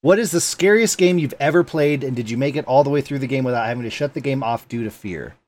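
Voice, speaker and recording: A man's voice: mid-range voice, fast talker. A man co-hosting a podcast, telling stories in a casual, laughing way and reading listener emails. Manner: laughing, animated storytelling. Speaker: podcast co-host. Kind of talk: casual chat.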